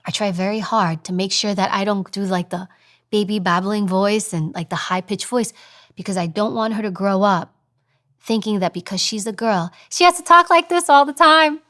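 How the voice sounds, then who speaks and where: Emphatic woman giving advice. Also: normal speed. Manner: animated, acts out examples in a high voice; emphatic, repeats phrases. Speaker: interview guest, former security agent. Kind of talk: conversational advice talk.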